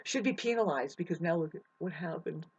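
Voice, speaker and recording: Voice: medium pitch, animated, a little fast, husky, low-quality recording. A vlogger ranting emotionally to camera outdoors in the mountains, swearing and rambling. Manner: emotional, profane, restless.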